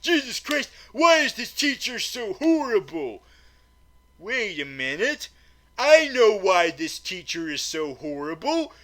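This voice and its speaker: A man with a high, sharp voice tears into a film in a rambling comedic rant. He stumbles over his words, restarts sentences and leans on fillers. His profanity comes out exasperated. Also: big pitch swings, measured pace. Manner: stammering, repeats words, many fillers. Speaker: movie reviewer.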